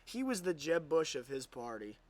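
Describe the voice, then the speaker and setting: A man hosting a commentary show, mocking what he plays with loud outbursts and muttered asides. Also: on the high side, big pitch swings, normal speed, no room sound. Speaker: host. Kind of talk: sarcastic commentary vlog.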